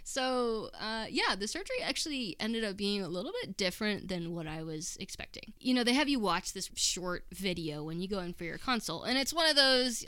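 A woman's voice: medium pitch, brisk, hardly any pauses, clean tone, no room sound, studio quality. A young adult woman casually telling a story in an interview, acting out the lines of the people she quotes. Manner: animated, acts out quoted dialogue.

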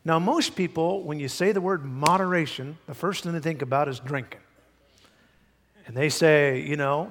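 A man preaching in a church, his voice a bit higher than most men's and trailing off into a long reverb. He preaches with folksy, emphatic force and now and then mimics people to drive a point home. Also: moderate pace, a bit bright. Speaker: pastor. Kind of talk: sermon. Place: church sanctuary.

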